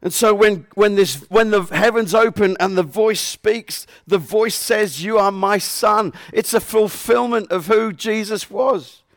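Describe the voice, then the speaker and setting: A man's voice: sits high, a little slow, hardly any pauses, no room sound, studio quality. A man preaching a sermon who talks earnestly and repeats scripture verses for emphasis.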